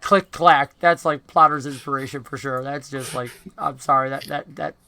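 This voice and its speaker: A man's voice: mid-range voice, steady tone, moderate pace, sharp tone, no echo. A man narrating a tabletop game as game master, chatty and enthusiastic with many fillers.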